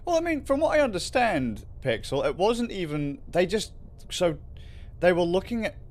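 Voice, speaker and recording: A man chats loosely on a livestream, rambling from one thought to the next and swearing as he goes. His pitch swoops about in an animated way. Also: normal speed. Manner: rambling, swearing, laughing often. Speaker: livestream host. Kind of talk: casual livestream chat.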